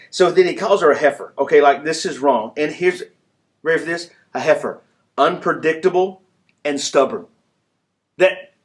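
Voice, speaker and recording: A man preaching a sermon in a conversational style, acting out characters in quick asides. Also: fairly high pitch. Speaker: pastor.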